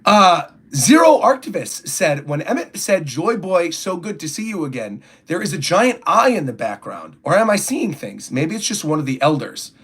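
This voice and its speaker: A man's voice: a little high, sing-song, moderate pace, few pauses, fairly bright tone, breathy edge. A young man chatting casually on a livestream, rambling through his thoughts and reading viewer comments aloud. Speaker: streamer reacting to a comic chapter.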